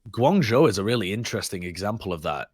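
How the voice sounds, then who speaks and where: A man co-hosting an esports podcast, animated and joking, with casual swearing. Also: lowish voice, quick pace, no echo. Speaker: podcast co-host.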